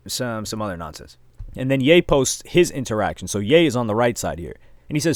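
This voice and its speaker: Animated man doing casual commentary. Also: lowish voice, brisk, no room sound. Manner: animated, reads quotes aloud with emphasis. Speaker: commentary channel host.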